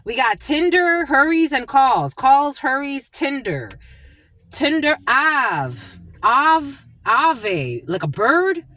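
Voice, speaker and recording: A woman doing a channeled psychic reading, speaking in halting bursts and repeating single words as they come to her. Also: sits high, sing-song, a bit bright. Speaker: psychic reader.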